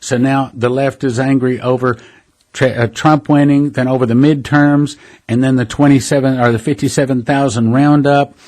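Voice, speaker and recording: A man's voice: mid-range voice, little pitch movement, moderate pace, darkish tone. A man hosting a prophecy ministry, giving an earnest, conversational preaching monologue and calling listeners brothers and sisters.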